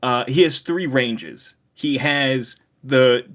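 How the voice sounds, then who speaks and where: A man's voice: medium pitch, slow pace, fairly bright tone. A young man co-hosting a podcast in casual chat, rambling, laughing often and swearing freely. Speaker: podcast co-host.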